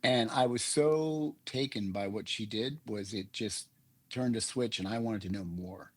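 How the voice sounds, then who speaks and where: As a guest coach in an interview, an older man speaks earnestly in a lowish voice at a measured pace. He reflects on ideas and explains them through images and analogies.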